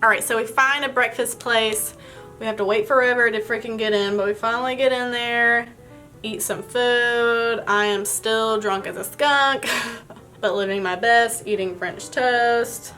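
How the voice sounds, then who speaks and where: Bright-voiced chatty young woman vlogger. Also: a little high, measured pace, soft background music. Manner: chatty, filler-heavy, animated storytelling. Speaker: beauty vlogger. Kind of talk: casual storytelling vlog with makeup tutorial.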